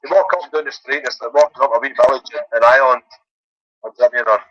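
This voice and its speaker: A man's voice: mid-range voice, steady tone, fast talker, a bit bright, no echo, muffled recording. A man calling into a phone-in, chatting casually and often adding "like" and "you know what I mean". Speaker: caller.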